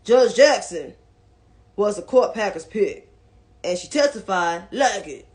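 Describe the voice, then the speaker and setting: A woman's voice: medium pitch, expressive, unhurried, a little mellow, lightly acted. A woman putting on an impression of an elderly male senator who mumbles his words indistinctly. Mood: stiff.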